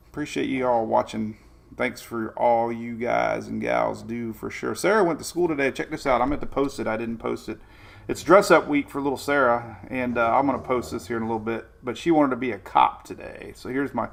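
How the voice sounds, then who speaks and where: A middle-aged man with a gravelly, medium-pitched voice hosts a casual weather livestream. He rambles energetically and greets viewers by name.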